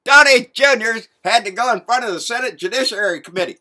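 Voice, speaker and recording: A man's voice: extremely high pitch, quick pace, sharp tone. Blunt, profane man ranting. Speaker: political vlogger. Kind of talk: political rant.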